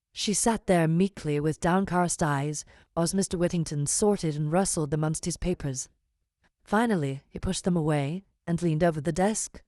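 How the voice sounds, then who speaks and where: A woman narrating a classic novel as an audiobook, telling the story calmly and evenly. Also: deep voice, dry recording, clean studio sound. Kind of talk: scripted narration.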